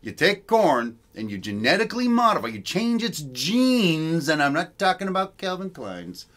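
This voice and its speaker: A man's voice: a little high, very animated, moderate pace, a bit bright. A middle-aged man co-hosting a casual live stream with his wife, cracking puns and playful jokes. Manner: joking, punning, playful. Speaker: co-host, husband.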